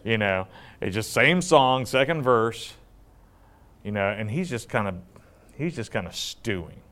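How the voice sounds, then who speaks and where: A man's voice: fairly low pitch, a little slow. A man teaching from the Bible in a conversational way, putting questions to his listeners and acting out the quotes with animation. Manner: animated, asks the audience questions, acts out quotes. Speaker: preacher.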